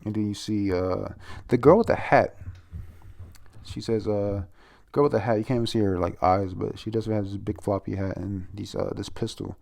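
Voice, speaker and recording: A man talks through a comic chapter in a loose, rambling way, stumbling over names and breaking into laughs. His voice sits low with a gravelly fry, and he swears casually as he reacts. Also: fairly even intonation, normal speed, darkish tone. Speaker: manga chapter reviewer. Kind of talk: casual chapter review read-aloud.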